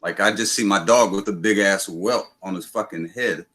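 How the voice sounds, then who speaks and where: A man's voice: sits low, moderate pace, sharp tone. A man hosting a livestream, telling rambling, profane stories in casual chat. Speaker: livestream host.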